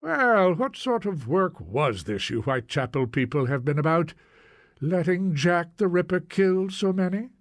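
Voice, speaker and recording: A man's voice: high-pitched, very animated, a little slow, dry recording, clean studio sound, voice pushed up, exaggerated voice. A man voicing a nosy older Scottish landlady who asks prying, sing-song questions in a Scottish accent.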